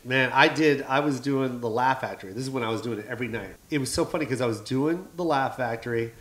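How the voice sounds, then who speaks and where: A man, a stand-up comedian, telling animated stories in casual podcast chat, acting out quotes with plenty of swearing. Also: mid-range voice, quick pace. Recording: echoey room.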